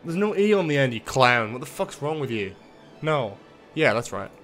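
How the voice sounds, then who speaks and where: A man chats through his own city-building stream at an ordinary mid pitch, cursing freely and poking fun at himself as he talks to his viewers. A little game music hums faintly behind him. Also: very animated, moderate pace, a bit bright. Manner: sweary, self-mocking, talks to chat. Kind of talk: casual gaming livestream commentary.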